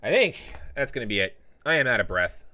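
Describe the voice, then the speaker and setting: A man's voice: medium pitch, big pitch swings, fairly quick, bright, forceful tone, dry recording. A young man hosting a casual livestream, reading out viewer comments and joking with his chat. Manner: joking, loose, talks to chat by name. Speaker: livestream host.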